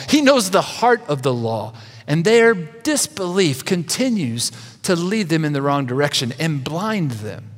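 Guy preaching, high voice that swoops around a lot, reads the bible lines with feeling, long echo. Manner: expressive Bible reading with voiced quotes. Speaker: pastor. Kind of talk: sermon.

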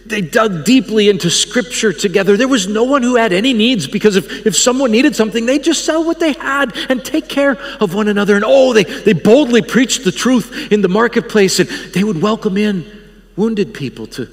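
A man's voice: sits high, expressive, long reverb tail, voice pushed up. A man doing a rapturous old French-accented professor. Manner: rapturous, drawn-out sighs of "oh". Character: elderly male professor with a French accent, passionate dreamer.

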